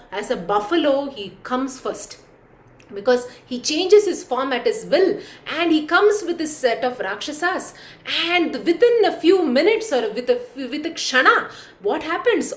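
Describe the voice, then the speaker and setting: Animated woman storyteller. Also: sits high, echoey room. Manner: animated, addresses listeners directly. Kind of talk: devotional storytelling.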